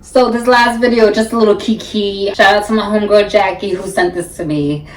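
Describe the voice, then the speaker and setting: A woman's voice: medium pitch, fairly even intonation, brisk, recorded from a distance, a little hiss or hum. A woman hosting a reaction video, talking in a blunt, sassy way and drawling "honey" often. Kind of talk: sassy casual commentary. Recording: echoey room, off-mic.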